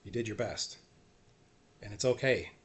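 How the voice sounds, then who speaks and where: A man giving an earnest, self-encouraging faith talk, repeating short phrases and often trailing off softly. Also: fairly low pitch, unhurried. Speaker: faith vlogger. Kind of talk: personal faith talk to camera.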